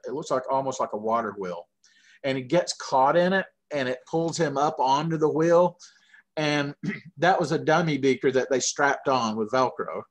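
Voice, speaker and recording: A middle-aged puppeteer from Georgia with a Southern accent appears as a guest in a casual interview. His mid-range voice moves at normal speed as he tells long, animated anecdotes full of fillers.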